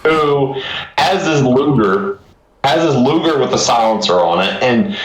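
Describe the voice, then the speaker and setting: Slow-talking man in a roomy echo. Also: mid-range voice. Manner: animated retelling of scenes, acts out quotes. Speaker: film review co-host. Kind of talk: casual chat.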